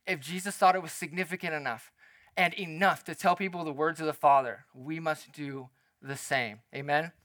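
A male pastor preaching in a lively, conversational way, often slipping into the voices of the people in his story. His voice is high and bright, with a lot of spark to it. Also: dry recording. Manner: animated, conversational, acts out quotes. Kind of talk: sermon.

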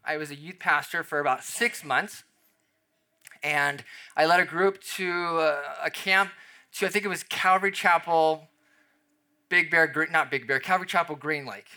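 A young adult man preaching a sermon, dropping to a soft emphasis on key phrases and swinging his loudness up and down. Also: fairly high pitch, moderate pace. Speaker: pastor.

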